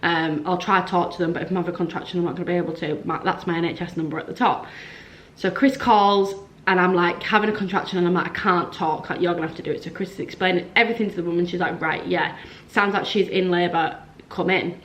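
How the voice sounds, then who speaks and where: A woman's voice: on the low side, fairly even intonation, fast talker, fairly bright tone, lo-fi sound, a little hiss or hum. A young woman telling a long personal story in a chatty vlog style, full of "like" and acted-out quotes. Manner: chatty, frequent "like", acts out quoted dialogue. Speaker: vlogger. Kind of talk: casual storytelling to camera.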